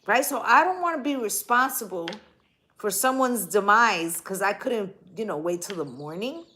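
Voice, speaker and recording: A female tarot reader gives a casual, blunt, profane reading, emphatically tagging her points with "right?" again and again. Her voice is medium in pitch, expressive, bright, and forceful, at a normal speed.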